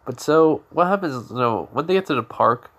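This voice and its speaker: A man's voice: a little high, expressive, fairly quick, a bit bright. Rambling man telling a fan story. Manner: rambling, many fillers and restarts. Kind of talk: improvised fan-fiction narration.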